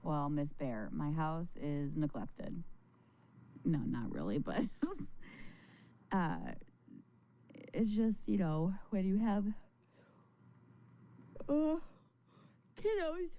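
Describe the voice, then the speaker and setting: A woman's voice: low voice, sing-song, drawn-out words, pauses often, mellow. A tired woman chatting casually with her live-stream viewers from home, rambling, laughing and swearing as she goes.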